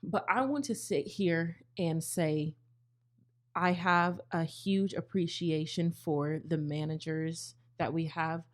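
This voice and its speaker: A woman's voice: low-pitched, fairly even intonation, slow pace. A young woman co-hosting a casual podcast chat, candid and chatty, swearing freely. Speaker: podcast co-host, bartender.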